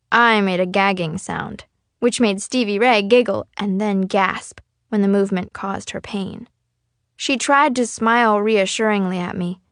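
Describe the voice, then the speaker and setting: Woman narrating a novel aloud, expressive first-person read, dry and close sound. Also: mid-range voice, dry recording. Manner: casual, expressive storytelling. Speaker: audiobook reader.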